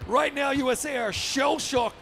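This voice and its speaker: High-voiced energetic play-by-play man. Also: normal speed, vocal fry, slight background noise. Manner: energetic, upbeat, frequent shouted calls. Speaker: esports commentator. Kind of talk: live basketball video game play-by-play.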